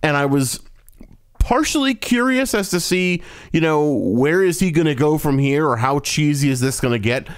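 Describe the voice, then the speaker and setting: A man's voice: a little high, lively intonation, moderate pace, clean tone. A man co-hosting a casual movie podcast, ranting bluntly and swearing freely. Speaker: podcast co-host. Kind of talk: casual movie review chat.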